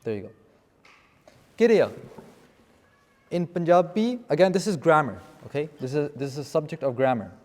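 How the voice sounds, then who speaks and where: A man's voice: a little high, animated, normal speed, long pauses, a little mellow. A man teaching a seminar on scripture vocabulary to a live class, explaining terms and often checking with "okay?". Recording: long reverb in a hall.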